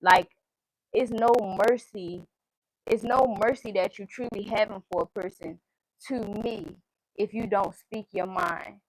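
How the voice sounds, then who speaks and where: A woman's voice: medium pitch, a little slow, no echo, low-quality recording. A woman giving a casual tarot reading, listing card meanings in a chanting cadence and speaking her mind bluntly, with frequent swearing. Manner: blunt and outspoken, swears freely. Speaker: tarot reader.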